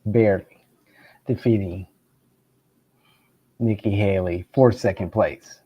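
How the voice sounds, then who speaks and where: A man's voice: lowish voice, slow, husky, lo-fi sound. A man giving casual political commentary, sarcastic, often stammering over restarts and laughing between phrases.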